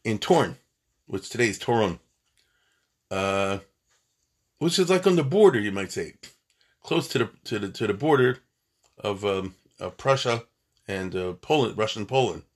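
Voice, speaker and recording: A man's voice: medium pitch, breathy edge. A man giving an informal history lecture, conversational and full of rhetorical questions and Yiddish terms. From United States.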